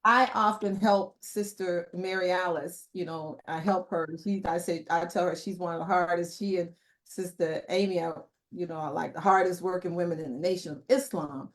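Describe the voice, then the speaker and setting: A middle-aged woman, a podcast guest, recalling memories in a reflective storytelling manner with many pauses and fillers. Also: on the low side, fairly even intonation. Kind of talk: conversational interview testimony.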